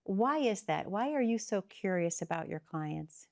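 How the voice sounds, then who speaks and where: A woman's voice: medium pitch, lively intonation, a little slow, gravelly, darkish tone. A woman co-hosting a talk show, affirming her guest and asking leading questions. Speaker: co-host. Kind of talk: casual talk-show chat.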